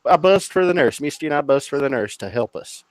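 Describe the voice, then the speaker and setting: A man guesting on a podcast, telling a story in a lively, profane, casual way. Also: fairly high pitch, a little fast, faint music behind. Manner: animated, profane, mimics others.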